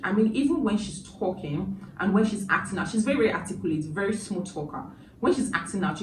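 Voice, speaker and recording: A woman chatting through a movie review in a casual, emotional way, with lively asides. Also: on the low side. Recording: echoey room, distant mic, background noise.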